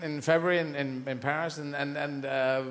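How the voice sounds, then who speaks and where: A man's voice: on the high side, steady tone, normal speed, slight background noise. A man doing a stand-up comedy routine on a live stage, rambling playfully and slipping into silly voices and sound effects. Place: live theatre stage with audience. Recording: roomy live stage recording.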